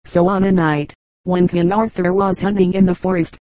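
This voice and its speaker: A woman narrating an audiobook of an old legend, measured and even. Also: on the low side, dry recording, poor audio. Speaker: audiobook reader. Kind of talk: scripted narration.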